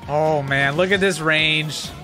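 Brief: an excitable male reactor with a high, bright voice, bursting into quick exclamations. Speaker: host. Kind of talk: reacting to game trailers. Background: faint trailer music.

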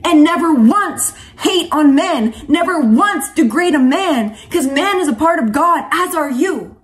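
High-voiced woman preaching heatedly to camera. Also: expressive, a little slow. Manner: preachy, heated, calls viewers sweetheart and honey; casual slangy speech. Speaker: spiritual coach and vlogger. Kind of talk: impassioned opinion monologue to camera.

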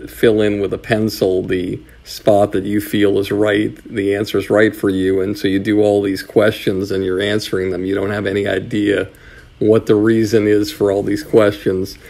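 A man's voice: fairly low pitch, little pitch movement, moderate pace, vocal fry, darkish tone. A man from Massachusetts with an American accent, a talent manager telling a story in a rambling, hesitant way. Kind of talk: interview storytelling.

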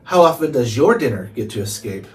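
A man's voice: medium pitch, sing-song, brisk, natural voice. A man voicing a brave, wary young girl in a storybook read-aloud, speaking earnestly and asking questions. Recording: distant mic, faint hiss.

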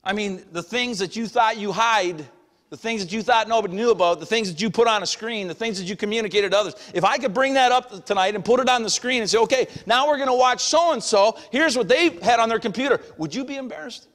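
Middle-aged preacher guy, high voice, yells then goes quiet, long church hall echo. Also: fast talker. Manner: swings between shouted preaching and hushed asides. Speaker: pastor. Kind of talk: sermon. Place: church sanctuary.

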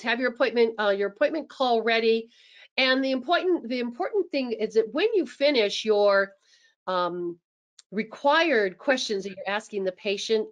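Chatty, higher-pitched woman presenting. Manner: animated, acts out sample phone scripts in changing voices; chatty, with frequent restarts. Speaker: dental practice management consultant. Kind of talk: webinar presentation.

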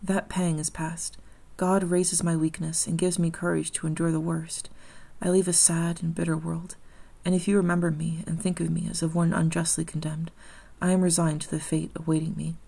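A woman voicing a condemned young woman, resigned and pious, in a gentle, solemn audiobook reading. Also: low-pitched, little pitch movement, moderate pace, vocal fry, few pauses, slightly rough, heavily acted.

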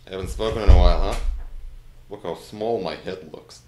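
A man's voice: low voice, normal speed, long pauses, faint music behind. A man rambling casually at his webcam in a room at home, joking at himself while he fiddles with camera settings. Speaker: YouTuber.

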